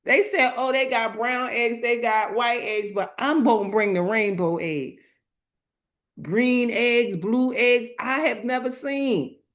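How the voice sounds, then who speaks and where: A woman speaker preaching to an online live audience, slow and emphatic, repeating her phrases in colloquial talk and calling out to the chat. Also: on the high side. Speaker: motivational speaker.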